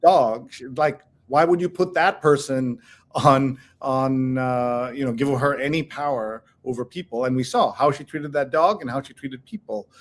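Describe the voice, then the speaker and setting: A man co-hosting a casual talk show, opinionated and animated, who reads headlines aloud and reacts with blunt commentary. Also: medium pitch, moderate pace. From India. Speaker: co-host. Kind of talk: casual chat.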